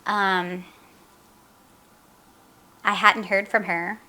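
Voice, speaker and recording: A middle-aged woman, a mother recounting her daughter's story in an interview, earnest and halting, with fillers and re-enacted dialogue. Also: medium pitch, level tone, sharp tone. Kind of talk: emotional personal account in an interview.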